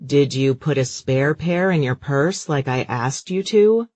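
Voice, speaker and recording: A man's voice: mid-range voice, expressive, unhurried, a little mellow, no room sound, natural voice. A man voicing an exasperated grown son in an audiobook, weary and fed up. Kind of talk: audiobook character voice.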